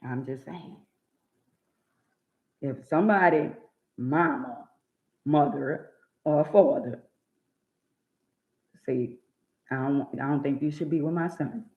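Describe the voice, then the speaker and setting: Speaking slowly with long pauses in a low-pitched voice, a woman hosting a live stream bluntly lectures her viewers. Her preachy, profane rant repeats words for emphasis, and the echoey room gives a dull, lo-fi recording.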